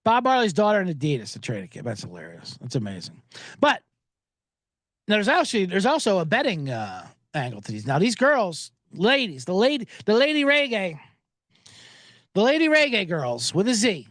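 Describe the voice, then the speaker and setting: A man's voice: high voice, wildly swooping pitch, moderate pace, a bit bright, dry recording, clean studio sound. A man hosting a sports betting show, talking in a loose, joking, profane ramble full of asides. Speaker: sports betting podcast host. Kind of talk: casual rambling commentary.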